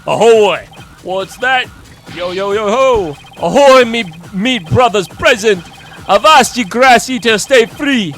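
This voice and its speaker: A boisterous, swaggering pirate bellows his slang in a Jamaican-style accent, pitched high and loud, as a man puts him on while reading game dialogue. He sounds brash and pleased with himself, and faint music plays behind him. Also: lively intonation, takes it slowly, heavily acted. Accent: put-on Jamaican-style pirate accent. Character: brash anti-vegan male pirate.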